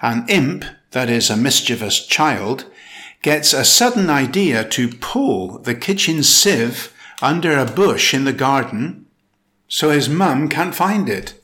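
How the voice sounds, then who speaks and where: A man narrating a scripted vocabulary lesson, slow and deliberate, spelling out word stress and syllables. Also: mid-range voice, lively intonation, bright, forceful tone. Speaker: English vocabulary teacher.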